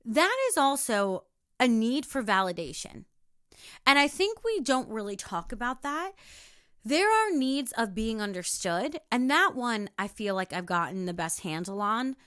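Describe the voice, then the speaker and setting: A young woman hosting a podcast, talking casually on her own, emphatic and animated, swearing freely and acting out the voices of people she quotes. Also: fairly high pitch, clear, resonant tone, no echo, clean studio sound. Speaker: podcast host. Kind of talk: casual solo podcast monologue.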